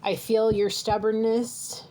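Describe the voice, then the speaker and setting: A psychic reader delivers a channeled, tarot-style spiritual message directly to camera, earnest and direct, frequently checking in with "okay?". Her voice is fairly high, slow, mellow, and fairly flat in pitch. The recording is low quality with slight background noise.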